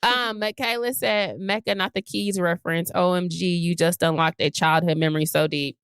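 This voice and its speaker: Woman cohost reading fan comments, playful, laughs a lot, smooth clear voice, dry close sound. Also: on the low side, normal speed, dry recording. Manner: animated, laughs often, playful. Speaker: podcast co-host. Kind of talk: casual chat reading listener comments.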